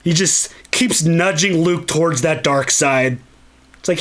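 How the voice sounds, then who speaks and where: A man's voice: a little high, measured pace, fairly bright tone. A man hosting a casual movie commentary, enthusiastic and freely swearing. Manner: enthusiastic and profane. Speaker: channel host.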